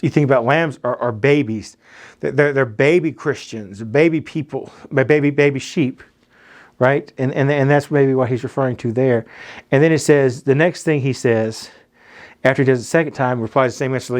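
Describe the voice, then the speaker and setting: A man's voice: medium pitch, a little fast. A man with a Southern American accent, a youth pastor teaching a Bible passage in a casual, conversational way, often restarting and repeating words.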